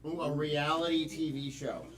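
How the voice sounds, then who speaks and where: A man's voice: fairly high pitch, steady tone, normal speed. A man hosting a live improv comedy show, upbeat and chatty, taking suggestions from the audience. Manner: upbeat, prompts audience with fillers. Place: comedy theater stage. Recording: echoey stage mic from far off.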